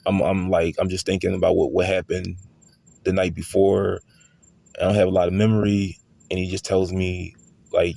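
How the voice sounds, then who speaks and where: A young man giving a casual spoken testimony, halting and repeating himself, often restarting with fillers. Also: low-pitched, level tone, vocal fry, warm tone, no room sound. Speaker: storyteller recounting a personal experience.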